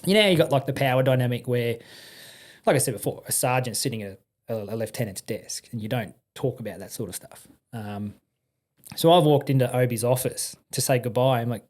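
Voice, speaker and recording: An Australian man, a veteran guest, telling stories in a relaxed interview, swearing freely and acting out the people in them. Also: medium pitch, a little fast. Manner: swearing, animated anecdote-telling with laughs. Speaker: podcast guest, army and police veteran. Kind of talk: casual storytelling interview.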